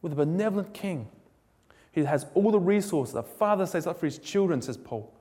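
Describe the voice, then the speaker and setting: A man preaching a sermon in a casual, joking, animated storytelling way. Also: high-pitched, brisk. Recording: echoey hall with long reverb.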